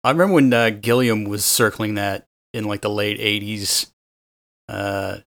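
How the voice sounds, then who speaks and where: A male podcast co-host with a lowish voice, recorded close and dry with no room sound. He rambles through his points and lets his thoughts trail off into quiet wrap-ups. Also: steady tone, unhurried, creaky, no echo. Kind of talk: casual chat.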